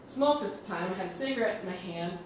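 A woman's voice: mid-range voice, expressive, fast talker, reverberant, a little hiss or hum, rough recording. A woman hosting a podcast, telling a story in a blunt, profane and sarcastic way. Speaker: podcast host. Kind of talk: casual storytelling monologue.

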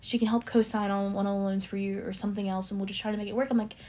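A young woman casually telling a personal faith testimony on a podcast, animated and full of fillers, acting out what others said. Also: mid-range voice, rapid-fire. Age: young adult. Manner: animated storyteller with many fillers, acting out quoted voices. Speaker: podcast co-host sharing a testimony.

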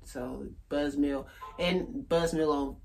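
A man in his thirties, a stand-up comedian chatting on a podcast, laid-back and halting, laughing often. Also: fairly high pitch, fairly even intonation, creaky, slight background noise. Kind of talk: casual podcast chat.

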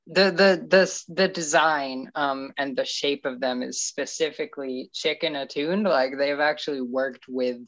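Low voiced woman rambling in a casual chat, lots of ums, kinda muffled call audio. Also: a little slow, hardly any pauses. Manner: hesitant, many fillers and restarts. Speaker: podcast co-host.

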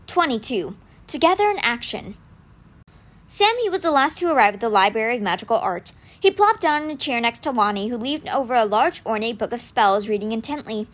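Lady reading a kids' fantasy book out loud, lively up-and-down voice, a bit high. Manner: expressive storytelling. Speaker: audiobook reader. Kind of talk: reading a novel aloud.

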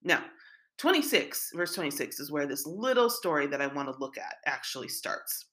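Animated woman teaching scripture casually. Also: deep voice, normal speed. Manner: conversational, animated, paraphrases the text in everyday speech. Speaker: Torah teacher.

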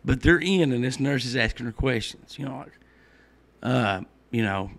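A man's voice: mid-range voice, expressive, moderate pace. A middle-aged man hosting a casual podcast, telling rambling stories and laughing at his own jokes. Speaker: podcast host. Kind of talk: casual chat.

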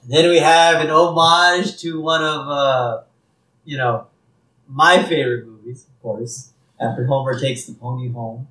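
A man's voice: mid-range voice, steady tone, measured pace, sharp tone. Brief: male co-host, chatty and easygoing, recorded far from the mic in a roomy space. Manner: chatty, laughs often, acts out quoted lines. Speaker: podcast co-host. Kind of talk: casual episode recap chat.

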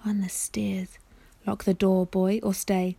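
A woman's voice: medium pitch, level tone, slow, creaky, dark tone, breathy edge, dry recording, exaggerated voice. Proud, formal enchanted prince, storybook read-aloud by a woman, dry close sound. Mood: urgent. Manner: formal, old-fashioned royal speech. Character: enchanted knight prince, man, proud and commanding.

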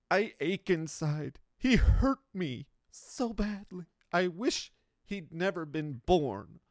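A man voicing a bitter, heartbroken person who rants loudly and melodramatically about someone who hurt them. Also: high-pitched, lively intonation, drawn-out words, dry recording, studio quality, voice pushed up, full character voice. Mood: anguished. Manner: loud, overwrought, melodramatic.

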